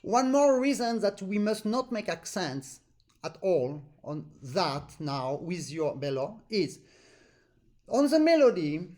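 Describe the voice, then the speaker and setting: A man with a high voice gives a live online accordion master class over a video call. His English has non-native phrasing. He often sings rhythmic syllables to show how a passage should sound. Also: sing-song, takes it slowly, a little mellow. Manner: explains with sung syllables to demonstrate phrasing. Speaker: accordion teacher.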